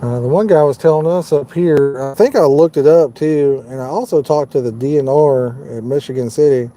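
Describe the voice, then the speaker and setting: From the cab of his parked truck at night, a man from Indiana, United States, hosts a live fishing stream. His very dark, mellow voice sits at an ordinary pitch and moves at a moderate pace, with soft background music playing. He's folksy and easygoing, reading viewers' comments and answering them like friends.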